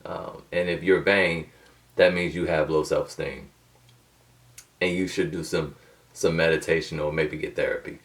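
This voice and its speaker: A man's voice: rumbling low, steady tone, normal speed, far from the mic. A man talking casually to camera as a motivational host, rambling and digressive with loose slang and many restarts.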